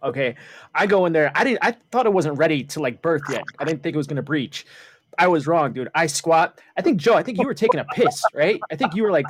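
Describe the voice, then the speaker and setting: High-voiced profane man telling stories. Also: fast, slight background noise. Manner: animated, profane, rambling storyteller. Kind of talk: casual storytelling chat.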